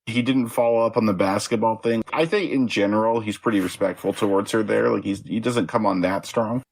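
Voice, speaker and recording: A man co-hosting a podcast, talking in a measured, thoughtful, slightly self-deprecating way. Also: lowish voice, gravelly, rough recording. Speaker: podcast co-host. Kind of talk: casual film discussion.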